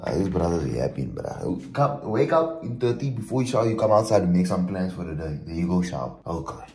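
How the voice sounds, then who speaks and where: A man's voice: low voice, very animated, fairly quick, darkish tone. A young man vlogging in a casual, mumbly drawl with slang, talking to a phone camera in an apartment. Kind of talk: casual vlog chat. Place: indoors, apartment. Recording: echoey room, faint noise.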